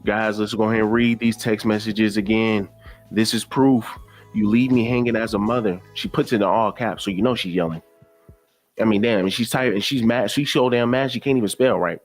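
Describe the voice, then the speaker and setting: A man with a fairly low voice reacts to clips for his stream. He sounds exasperated, circles back over the same points and keeps addressing his chat directly. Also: fairly even intonation, brisk, soft background music. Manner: exasperated, repeats himself, talks to chat as "guys". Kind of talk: casual reaction commentary.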